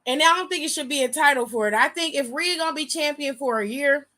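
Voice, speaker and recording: A woman co-hosting a show aftershow in casual chat, animated and profane, often laughing as she talks. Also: high-pitched, fast talker. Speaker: aftershow co-host.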